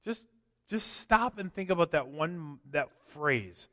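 A man preaching a sermon, his slightly high, bright voice swelling into loud emphatic lines and then dropping to quiet asides. The sound rings with long reverb from the church hall. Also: lively intonation, slow. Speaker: pastor.

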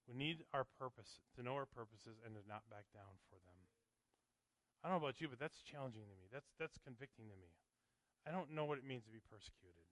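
A male pastor preaching a sermon with fervent, rising emphasis, then slipping into a quiet prayer. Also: fairly high pitch, no room sound, rough recording.

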